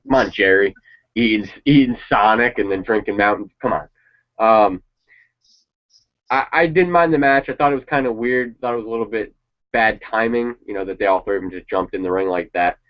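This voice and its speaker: This man's voice is lowish and a little fast as he reacts to a wrestling show in casual chat. He rambles, shares strong opinions, and swears casually here and there, all captured on a dull lo-fi recording.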